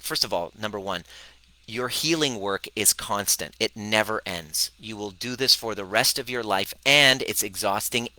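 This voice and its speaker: Bright, energetic male coach on a live stream. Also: on the low side, no echo, rough recording. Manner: energetic, acts out clients' voices, many restarts.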